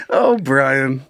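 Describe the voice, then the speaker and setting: A man's voice: mid-range voice, bright, forceful tone. A young man co-hosting a crude comedy podcast, swearing freely, giggling, and breaking into silly voices. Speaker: podcast co-host.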